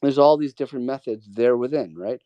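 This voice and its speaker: A man's voice: mid-range voice, brisk, mellow, smooth, no echo, muffled recording. A man hosting a live trading Q&A, talking casually and coaching callers with emphatic, repeated points. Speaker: host of a trading Q&A. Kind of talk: casual mentoring talk.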